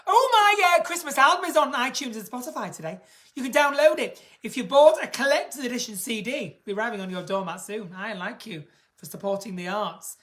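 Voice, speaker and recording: A woman's voice: a little high, expressive, a little fast, a bit bright. A woman hosting a casual live stream, chatting in a camp, gossipy and theatrical way. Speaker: singer and live-stream host.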